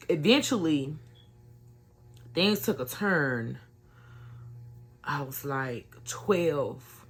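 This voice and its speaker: A woman's voice: deep voice, a bit bright. A woman telling an emotional personal story to her viewers in an earnest, conversational way. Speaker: vlogger sharing a personal testimony.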